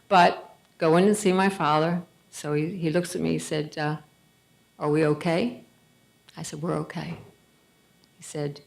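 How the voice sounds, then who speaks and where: A woman's voice: on the low side, vocal fry. A middle-aged woman giving a conversational storytelling speech at a gala, acting out bits of dialogue. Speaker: gala speaker.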